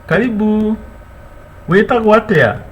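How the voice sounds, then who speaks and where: A man teaching a casual language lesson. He repeats phrases and jumps high in pitch when he models words. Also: unhurried, husky. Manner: warm, encouraging sign-off.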